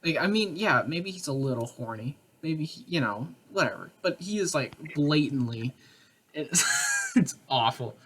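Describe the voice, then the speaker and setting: A man's voice: a little high, animated, unhurried, fairly bright tone, slight background noise. A man co-hosting a casual gaming podcast, rambling with lots of fillers and frequent laughter. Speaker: podcast co-host. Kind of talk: casual chat.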